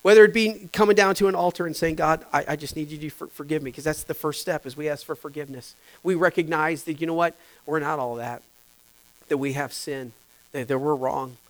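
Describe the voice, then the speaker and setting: A man's voice: a little high, fairly even intonation, a little fast, poor audio. Impassioned man preaching a sermon. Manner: swings from hushed whispers to loud shouting; impassioned, repetitive preaching with restarts. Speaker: pastor.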